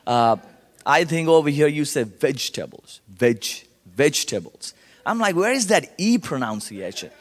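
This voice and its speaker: A young man from India with an Indian accent, sharing his testimony to a church congregation as an animated storyteller who acts out the voices of people he quotes. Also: a little high, normal speed. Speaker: guest speaker sharing testimony. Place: church sanctuary. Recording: long hall reverb.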